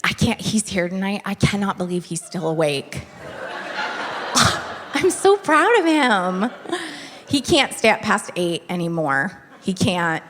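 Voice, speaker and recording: A woman's voice: mid-range voice, very animated, a little slow. A woman doing stand-up comedy on a theater stage, chatty and confiding, checking in with the crowd into a handheld mic. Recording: reverberant live venue, faint noise.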